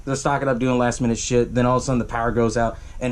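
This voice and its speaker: A man's voice: medium pitch, flat delivery, very fast, clear, resonant tone. A man hosting a podcast, casually retelling a horror film's plot in a rambling, profane way, jumping into the characters' lines in raised voices. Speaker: podcast host. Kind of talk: casual movie recap.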